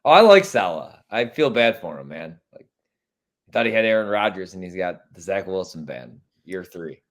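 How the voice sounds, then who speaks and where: A man hosts a casual sports podcast, and his pitch swings widely as he fires off blunt, profane opinions. He talks in a loose, animated way. He is from Chicago. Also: normal speed.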